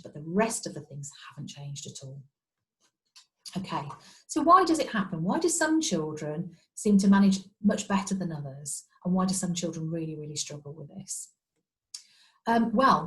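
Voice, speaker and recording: Lady doing a training session on a video call, lowish voice, lots of ums and repeats. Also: low-quality recording. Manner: warm conversational explaining, many fillers and repetitions. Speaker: speech and language therapist trainer. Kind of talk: online training presentation.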